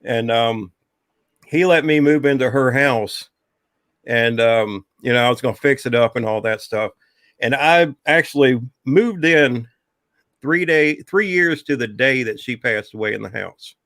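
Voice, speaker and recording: A man's voice: mid-range voice, unhurried, fairly bright tone, no echo, clean studio sound. A man telling a long personal ghost story in a casual, rambling way, with many fillers.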